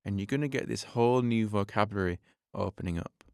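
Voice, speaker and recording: A man's voice: fairly low pitch, fast talker, creaky, a little mellow, smooth, no echo, studio quality. A man teaching a drum lesson on his podcast, explaining patiently step by step and counting beats aloud.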